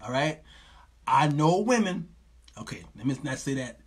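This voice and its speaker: Lively husky host in his fifties. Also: medium pitch, moderate pace. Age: 50s. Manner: animated, acts out both sides of stories in raised voices. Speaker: show host. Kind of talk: live call-in talk show.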